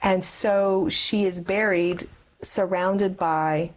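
A woman's voice: lowish voice, steady tone, slow, rough recording. Earnest woman telling a personal story. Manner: earnest storytelling, acts out past dialogue. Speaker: guest. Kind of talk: personal testimony in an interview.

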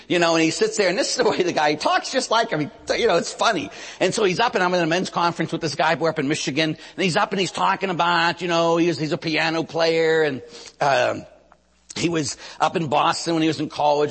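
A Catholic priest giving a sermon, telling stories with lively emphasis and sudden hushed moments. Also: male voice, fairly high pitch. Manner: animated storytelling, swinging from loud emphasis to hushed. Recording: reverberant hall.

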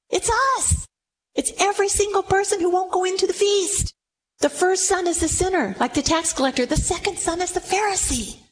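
A middle-aged woman with a high voice preaches to a room full of listeners. She tells the story with animation and acts out each person in it, in sermon style. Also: a little hiss or hum, rough recording. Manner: animated storytelling, acting out the quoted speakers. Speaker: Bible teacher. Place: room with a live audience.

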